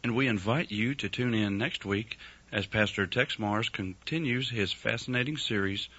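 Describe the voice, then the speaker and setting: A man announcing a radio program's closing in a measured, scripted way. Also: lowish voice, bright, forceful tone, slightly rough. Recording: dull lo-fi radio broadcast.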